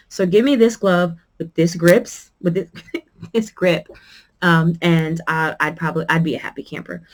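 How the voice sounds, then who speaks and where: A woman's voice: fairly low pitch, a little mellow. Rambling, chatty woman vlogger. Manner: rambling and chatty, with many pauses and fillers; shows items to the camera while talking. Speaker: quilting channel host. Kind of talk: casual product review vlog.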